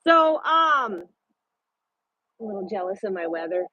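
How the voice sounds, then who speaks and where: A woman's voice: medium pitch, sing-song, measured pace, no room sound. A woman truck driver chatting casually with viewers on a live stream from her parked truck at a rest area, swearing now and then. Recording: dull lo-fi sound.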